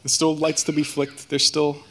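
A man giving a personal testimony as a guest speaker, earnest and halting, with many fillers and restarts. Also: a little high, completely flat delivery, sharp tone, a little hiss or hum.

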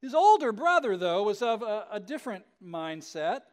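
A male pastor telling a story in a sermon, conversational and animated, often checking in with the listeners. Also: high voice, normal speed.

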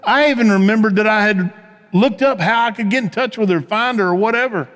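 A man preaching a sermon as pastor, telling stories in a conversational way and dropping to a hush on key points. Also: high voice, a little fast, in a large hall. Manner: conversational storytelling preacher, swings from animated to hushed.

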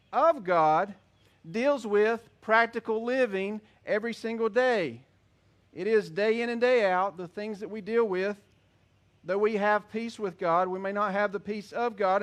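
High-voiced man preaching a sermon. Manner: earnest preaching with slow emphatic scripture reading. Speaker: pastor.

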